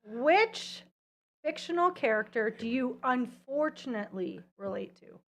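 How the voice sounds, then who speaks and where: A woman's voice: fairly high pitch, lively intonation, unhurried. A woman co-hosting a podcast, asking the questions in an upbeat, agreeable way. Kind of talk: casual chat, asking questions.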